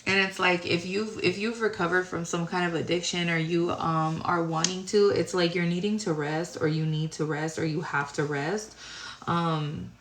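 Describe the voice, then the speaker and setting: Woman reading tarot, low voice, kinda rambly and tired, echoey room. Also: fairly even intonation, normal speed, fairly bright tone. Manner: rambling, searching for words. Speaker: tarot reader. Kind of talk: casual tarot reading to viewers. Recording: roomy echo.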